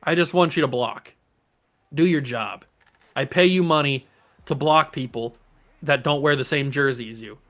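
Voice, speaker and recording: A man hosting a gaming channel, giving casual, animated let's-play commentary as he pleads with his players and cheers their plays. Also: medium pitch, normal speed, pauses often.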